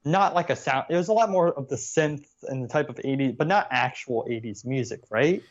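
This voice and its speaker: A man's voice: medium pitch, fairly quick, muffled recording. A young man co-hosting a casual podcast chat, rambling and swearing as he tells his opinions. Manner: rambling, profane, animated storytelling. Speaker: podcast co-host.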